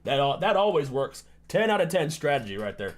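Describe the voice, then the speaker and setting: Swearing, ranting streamer guy with lively pitch. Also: a little fast, a little hiss or hum. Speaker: livestream host. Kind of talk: casual reaction commentary.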